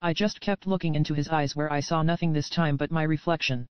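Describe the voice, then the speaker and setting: Smooth-voiced woman audiobook narrator. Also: sits low, steady tone, fairly quick, no echo, highs cut off. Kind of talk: scripted first-person audiobook narration.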